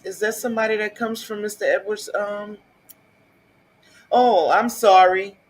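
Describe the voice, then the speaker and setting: A man's voice: high voice, steady tone, measured pace, rough recording. Man asking questions on a live stream. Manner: reacting to the chat, asking questions. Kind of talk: casual live stream chat.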